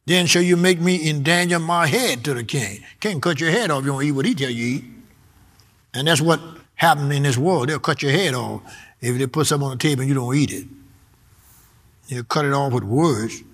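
A man's voice: mid-range voice, a little fast, long pauses. A man preaching a sermon, reading scripture aloud and repeating his key words with emphasis.

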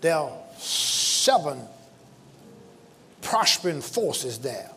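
A man preaching a sermon to his congregation, leading call-and-response lines and breaking into shouts, with folksy, joking asides. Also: fairly high pitch, animated, moderate pace, pauses often, big-room sound, slight background noise. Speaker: pastor. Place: church sanctuary.

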